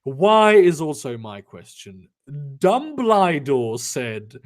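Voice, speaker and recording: This comedic reader mixes a dramatic reading with sarcastic, exasperated asides and plenty of swearing. The pitch swings widely and lively. The delivery is slow and unhurried. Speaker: fanfiction reader and commentator.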